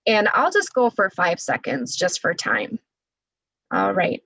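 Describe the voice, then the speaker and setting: A woman speech therapist teaching an online class, talking deliberately and encouragingly, her voice a little scratchy from talking. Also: fairly low pitch, wildly swooping pitch, slightly rough, dry recording. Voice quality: says she naturally has a quiet voice. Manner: deliberate, encouraging, demonstrates loud vocal drills. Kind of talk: webinar instruction with voice exercises.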